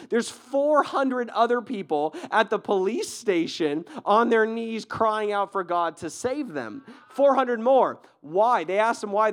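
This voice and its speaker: A male pastor with a high-sitting voice tells a story during a sermon in a loose, conversational way, frequently checking in with "right?" and laughing.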